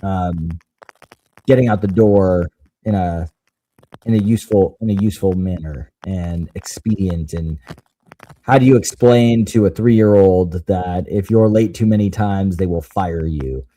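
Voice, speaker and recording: Laughing dad telling stories, mellow voice. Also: male voice, deep voice, measured pace. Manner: laughs while telling stories, self-deprecating. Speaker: podcast co-host. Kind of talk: casual chat, storytelling.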